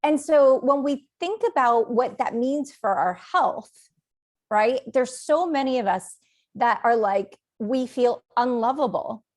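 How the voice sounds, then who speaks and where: A woman hosting a wellness podcast, enthusiastic and quick to praise her guest. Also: fairly high pitch, a little mellow. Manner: enthusiastic, gushing, quick bursts. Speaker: podcast host. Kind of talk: podcast interview.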